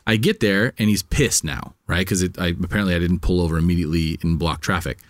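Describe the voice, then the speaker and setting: A man's voice: deep voice, quick pace, no room sound, clean studio sound. A man telling a story in casual podcast chat, swearing often and getting worked up as he retells it. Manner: heated, profane, animated retelling. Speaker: podcast co-host.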